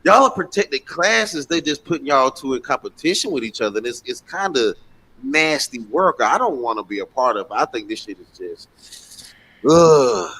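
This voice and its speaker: Animated man with a lively voice. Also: mid-range voice, normal speed, husky, low-quality recording. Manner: blunt, animated, swearing freely. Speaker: host, addressed as pastor. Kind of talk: casual panel chat.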